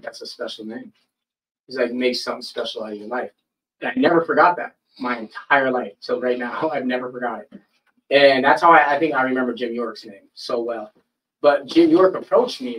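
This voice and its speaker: A man in a loose podcast chat, telling a story with plenty of swearing and quick impressions of the people in it. His voice sits at a middling pitch and comes from a little way off the mic, as if he is leaning back. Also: recorded from a distance, slight background noise, low-quality recording. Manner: animated, profane, acts out quoted people. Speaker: podcast host. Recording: voice a bit off-mic.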